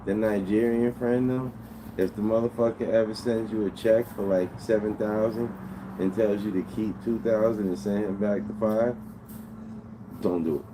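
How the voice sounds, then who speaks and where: Low-voiced, unhurried man, streamer chatting with chat, slangy and profane, noisy background. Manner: laid-back, profane, slangy. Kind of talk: casual chat reading chat. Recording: steady background noise with vehicle sounds.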